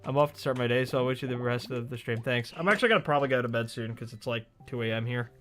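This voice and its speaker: A man's voice: mid-range voice, racing, a bit bright, soft background music. A man chatting and joking while streaming a video game live. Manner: chatty, jokey, exclaims at the game. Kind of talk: casual live gameplay commentary.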